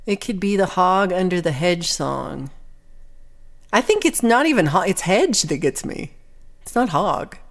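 A woman's voice: on the low side, animated, unhurried. A young woman chatting casually with her livestream viewers, reading their comments aloud in a rambling, playful way with lots of ums and little laughs.

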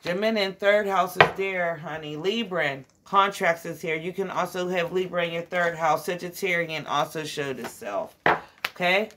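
A tired woman with a raspy voice giving a casual tarot reading, loose and slangy, talking to her listeners as guys, honey and child. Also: lowish voice, normal speed, heavy background noise. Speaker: tarot reader.

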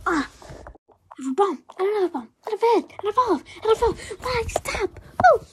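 A woman's voice: very high-pitched, big pitch swings, fairly quick, very noisy. A woman doing amateur comedic voice acting, rowdy and bossy and cursing casually.

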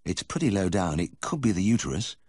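A man's voice: sits low, sing-song, a little fast, darkish tone, no room sound. A man voicing a nervous young male veterinary student who stammers and hesitates, in a dry, close audiobook reading. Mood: flustered.

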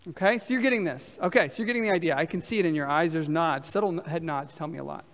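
Brief: male pastor, high voice, lively sermon that draws in the congregation, church hall reverb. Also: quick pace.

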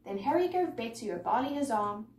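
A woman reading a rhyming picture book aloud with a lively, sing-song rhythm. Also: a little high, fairly quick. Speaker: storyteller. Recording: echoey room, mic far off, faint noise.

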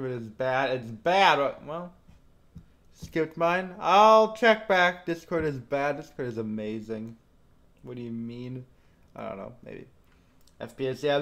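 Bright, excitable male game streamer. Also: medium pitch. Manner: excitable, scores each landing aloud. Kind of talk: live reaction commentary.

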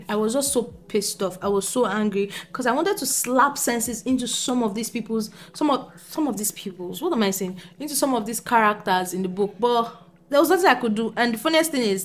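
A young woman talks straight to her camera at home, running through the books she read this month. She rants and laughs, swinging from quiet asides to loud outbursts. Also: a little high. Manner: animated ranting, laughing, shifting from quiet to loud. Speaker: book vlogger. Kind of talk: casual reading wrap-up. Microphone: camera mic.

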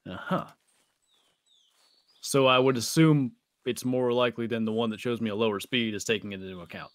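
A man's voice: medium pitch, steady tone, a little fast, no echo. A man guest streamer chatting casually and trading wry banter.

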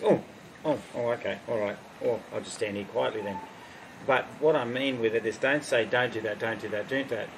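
Gravelly Australian horse trainer. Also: male voice, fairly low pitch, a bit bright, slight background noise, low-quality recording. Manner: rambling, with many fillers and restarts, acting out horse replies. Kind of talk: casual spoken teaching.

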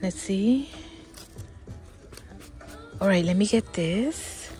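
A middle-aged woman filming a casual shopping vlog inside a large department store, chatting, often dropping to a whisper and gasping with excitement. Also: mid-range voice, very slow, faint music behind. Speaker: vlogger.

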